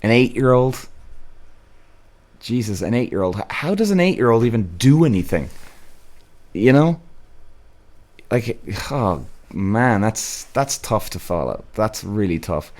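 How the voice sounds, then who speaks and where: A man's voice: on the low side, very animated, measured pace, pauses often, darkish tone. A man from Cork with an Irish accent, hosting a live podcast and reading viewers' comments, blunt and exasperated, swearing freely. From Ireland. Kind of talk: casual live-stream chat.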